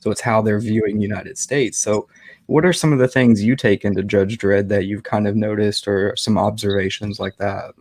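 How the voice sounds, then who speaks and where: Guy host on a video call, keen, long questions, kinda low voice. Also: fairly even intonation, moderate pace, darkish tone, no echo. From Texas. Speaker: interview host. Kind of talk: interview conversation.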